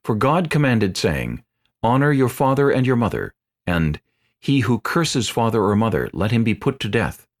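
A man voicing a calm, authoritative male teacher in a dramatized scripture reading, with measured, earnest delivery. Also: mid-range voice, natural voice. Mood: teaching.

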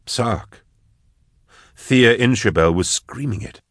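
A man voicing a weary, grave male inquisitor who speaks low and measured. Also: expressive, a bit bright, no room sound, studio quality.

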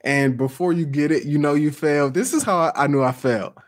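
A man's voice: on the high side, brisk. A middle-aged man hosting a podcast, telling stories casually and laughing often as he talks to his audience. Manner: storytelling, laughs often, addresses audience as y'all. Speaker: podcast host and author. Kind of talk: casual livestream chat.

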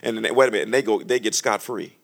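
A man preaching a sermon as pastor, joking between slow, emphatic scripture readings. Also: on the low side, gravelly. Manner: lively, humorous preaching, reads scripture slowly and loudly.

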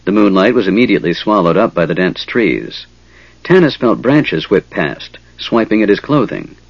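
A man narrating a fantasy audiobook in a measured, expressive way, on a dull, dry recording. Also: low voice, breathy edge, no room sound.

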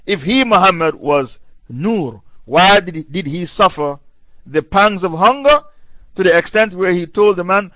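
A man's voice: sits high, lively intonation, normal speed, fairly bright tone, dry recording. A male preacher giving a religious lecture in a combative, mocking way, repeating his points for emphasis. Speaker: Islamic preacher. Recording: dull lo-fi dry recording.

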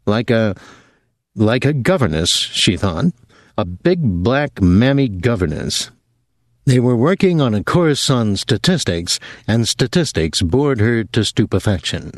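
A man giving a measured, even audiobook narration of a novel. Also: fairly low pitch, dry recording. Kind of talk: scripted narration.

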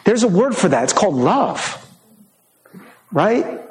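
Man, pastor, high voice, lively swinging pitch, conversational sermon, echoey room. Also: slow pace. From Michigan. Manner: conversational and animated, with frequent laughs.

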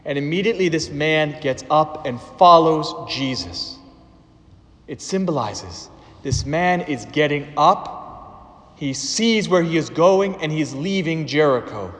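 Slow-preaching priest in a reverberant church. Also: male voice, on the high side, animated, fairly bright tone. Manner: slow, deliberate preaching with dramatic pauses. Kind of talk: sermon.

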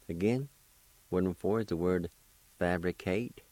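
Man, radio language teacher, deep and unhurried, careful spelling and repetition, dry close sound. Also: a little mellow, no echo. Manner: slow, deliberate, spells and repeats syllables.

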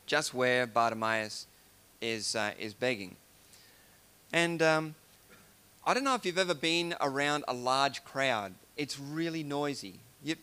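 A man's voice: a little high, bright, forceful tone, smooth. A man giving an informal devotional talk, musing aloud and retelling scripture in everyday words. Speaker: preacher.

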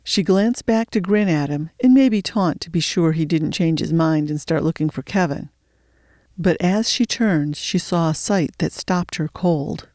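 A narrator reading a thriller audiobook in a steady storytelling voice, slowing for suspense. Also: mid-range voice, no room sound, studio quality.

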